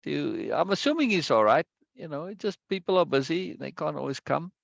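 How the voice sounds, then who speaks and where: A man's voice: on the high side, very animated, a little fast, vocal fry, dry recording, dull audio. A man hosting an online study group, chatting casually and greeting viewers one by one, often repeating his phrases. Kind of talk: casual livestream chat before a reading session.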